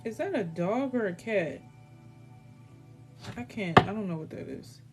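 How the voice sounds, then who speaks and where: A woman's voice: mid-range voice, lively intonation, unhurried, loud music behind the voice. A woman doing a casual live tarot reading, talking in a blunt, rambling way full of swearing. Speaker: tarot reader.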